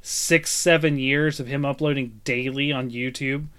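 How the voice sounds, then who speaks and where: A man's voice: mid-range voice, fairly even intonation, measured pace, fairly bright tone, clear, resonant tone. A man co-hosting a casual gaming podcast, talking in a rambling, enthusiastic way with plenty of fillers. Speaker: podcast co-host.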